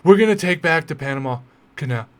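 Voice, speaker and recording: A man's voice: on the high side, expressive, fast talker, natural voice. A man doing a blustering older politician impression. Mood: boastful. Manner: rambling, repetitive boasts.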